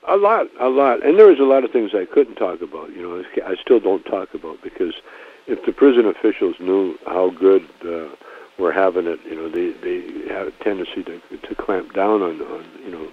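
A man's voice: low-pitched, lively intonation, normal speed, slightly rough. A man, a comedian guest in a casual phone interview, talking in a rambling, laid-back way full of restarts and "you know". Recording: tinny phone line.

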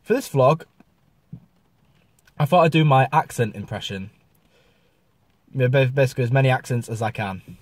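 A man's voice: mid-range voice, expressive, moderate pace, pauses often, no room sound. A man with a mix of Yorkshire and Southern English accents, chatting casually in a vlog and stumbling over his words. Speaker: vlogger.

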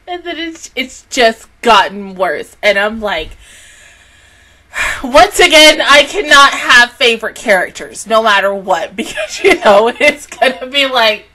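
A woman's voice: high-pitched, lively intonation, a little slow, sharp tone. A young woman hosting an anime reaction channel, talking casually and emotionally, swearing often as she reacts.

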